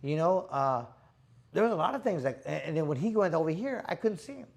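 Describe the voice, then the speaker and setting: Man, middle-aged, boxer host, casual storytelling, slangy, animated, gravelly, somewhat high voice. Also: a little fast. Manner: animated, slangy, acts out quotes.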